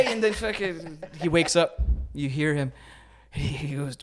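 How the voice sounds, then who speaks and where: A young man spins a casual story for his podcast friends. His voice sits a little high and gets loud and laughing as he acts out scenes. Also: a little fast, hardly any pauses. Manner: animated, laughing, acts out shouting and quotes. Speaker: podcast guest telling a story.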